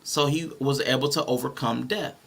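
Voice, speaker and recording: A man co-hosting a casual panel podcast, reading Bible verses aloud and walking through his points in an animated way. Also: medium pitch, normal speed, gravelly. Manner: animated, reads scripture aloud and explains it. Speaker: podcast co-host.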